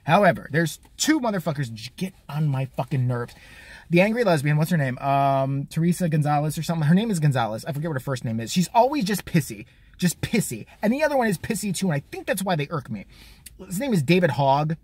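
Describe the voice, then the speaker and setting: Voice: medium pitch, big pitch swings, darkish tone, slightly rough, dry recording. A vlogger delivering a crude, mocking, profane comedic rant. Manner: crude, mocking, fast-talking.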